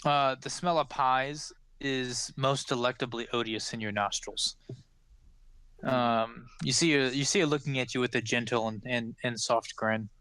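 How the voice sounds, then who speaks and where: A man narrating as game master of a tabletop game, animated and rambling. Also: medium pitch, unhurried, clear, resonant tone, dry recording.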